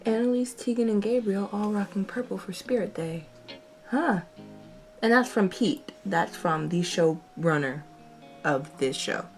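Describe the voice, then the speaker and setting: A young woman giving casual, expressive commentary on a TV episode, sighing and laughing often. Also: medium pitch, slow, pauses often, faint music behind. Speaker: TV reaction vlogger.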